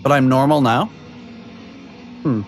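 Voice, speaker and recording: A man's voice: mid-range voice, fairly even intonation, a little slow, a crowd in the background. A man hosting a podcast in casual chat over a video call, rambling with lots of fillers and frequent laughs. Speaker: podcast host.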